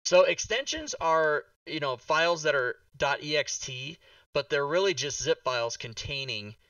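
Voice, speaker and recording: A man's voice: fairly high pitch, animated, moderate pace, fairly bright tone, no room sound, far from the mic. A man hosting a casual talk show livestream, exasperated and swearing, with many restarts.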